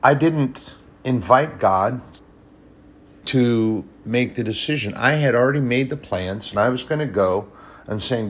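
A man preaching a sermon, telling personal stories, swinging between hushed and loud, emphatic passages. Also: medium pitch, lively intonation, measured pace. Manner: storytelling, personal anecdotes.

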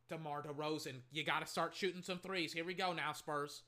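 Mid-range in pitch, his voice carries casual fan commentary delivered over his personal mic. He's easily worked up, often breaking into rants and swearing aimed at the players and officials.

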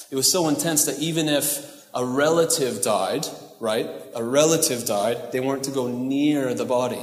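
Man preaching casually in an echoey hall. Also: medium pitch. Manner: casual, joking asides, asks the crowd "right?". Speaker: pastor. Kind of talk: conversational sermon. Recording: echoey hall with long reverb.

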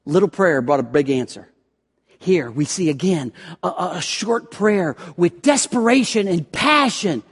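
A man's voice: high-pitched, expressive, measured pace, slightly rough. Impassioned preacher man in a reverberant hall. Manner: impassioned, rising to loud prayerful pleas then dropping to hushed tones; repeats words when restarting. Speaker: pastor. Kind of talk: sermon.

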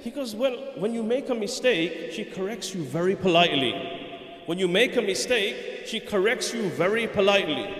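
Preacher in a ringing hall. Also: male voice, high voice, moderate pace. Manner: animated storyteller, swings between loud and hushed. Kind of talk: sermon storytelling. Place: mosque hall. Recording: echoey hall.

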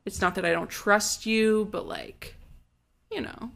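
A woman co-hosting a podcast, quickly and sardonically retelling a TV episode in casual chat. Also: mid-range voice, vocal fry, a bit bright. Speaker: podcast co-host.

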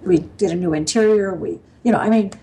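A woman's voice: medium pitch, fairly quick, dark tone, poor audio. An older woman from the US Midwest, a podcast guest telling stories in a loose, rambling way, with frequent laughs and fillers. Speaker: guest sailor. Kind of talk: storytelling in a casual interview.

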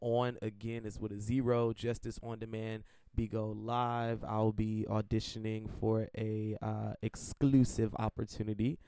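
A man's voice: lowish voice, little pitch movement, measured pace, hardly any pauses, warm tone, clear, resonant tone, dry recording. A man hosting a podcast, chatting casually and plugging his own work in a slangy, self-promoting way. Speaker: podcast host.

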